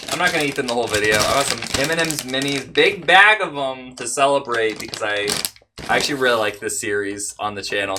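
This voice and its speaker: A man's voice: medium pitch, noisy background. A young man hosting his own channel, rambling and self-deprecating in a casual chat while snacking on candy. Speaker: channel host.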